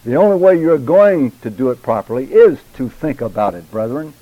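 A man teaching public speaking to a class of church men. He speaks in a measured, emphatic way, carefully articulating each word. His pitch sits in an ordinary middle range. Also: very animated, no room sound, narrow, tinny audio. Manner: measured, emphatic, deliberate enunciation; addresses class members by name. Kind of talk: classroom lecture.

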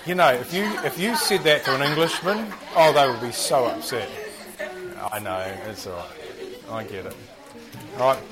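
Music plays in the background of this poor-quality clip, where a New Zealand man with a mid-range voice teaches a Bible class at normal speed. He's chatty and self-deprecating, joking about himself and quizzing the group.

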